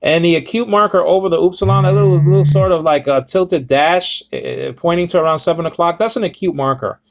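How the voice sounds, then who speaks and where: A man's voice: a little high, a little fast, vocal fry, a little hiss or hum. A man giving a casual Bible Greek lesson, rambling and correcting himself with many fillers. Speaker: Bible teacher.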